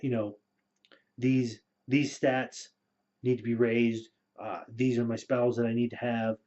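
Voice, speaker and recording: A man talking through role-playing tips in a relaxed, rambling way, with many fillers, as a game storyteller. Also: mid-range voice. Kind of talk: casual spoken advice video. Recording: dull lo-fi recording.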